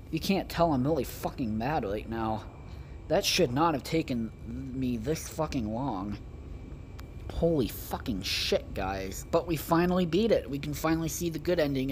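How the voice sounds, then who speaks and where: A man's voice: medium pitch, slight background noise. A man doing casual let's-play commentary, profane, exasperated and rambling as he talks to his viewers. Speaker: gaming video creator.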